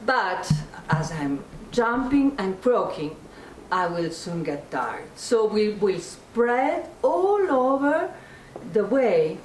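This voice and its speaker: An earnest little frog, small and patient, coaxing her helpers along, as a woman storyteller puts her on. The voice sits slightly lower than the teller's own and comes from across an echoey room. Steady background noise hangs behind her. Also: slow, recorded from a distance.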